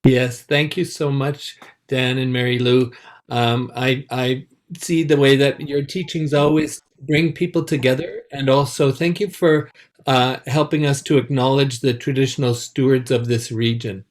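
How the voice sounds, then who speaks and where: A man's voice: mid-range voice, fairly even intonation, a little slow. A man moderating a panel over a video call, speaking hesitantly with many ums and restarts. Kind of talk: hosting a panel.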